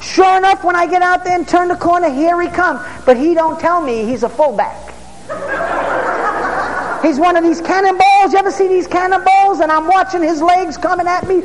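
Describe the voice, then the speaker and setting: A man, a preacher and former police officer, telling stories in a sermon, bursting into shouts and asking for amens. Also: extremely high pitch, moderate pace, in a large hall, noisy background. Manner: excitable, bursts into shouts, asks the crowd for amens. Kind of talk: storytelling sermon.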